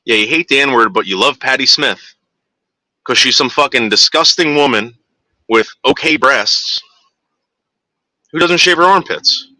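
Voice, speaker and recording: A man's voice: mid-range voice, animated, a little slow, long pauses, bright, forceful tone, dry recording. A man ranting heatedly to his viewers in a monologue, with profanity and frequent restarts. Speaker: vlogger.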